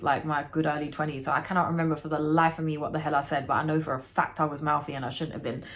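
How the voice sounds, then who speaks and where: Lower-pitched woman in her late twenties, animated storyteller who swears freely. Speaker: vlogger. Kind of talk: storytime chat.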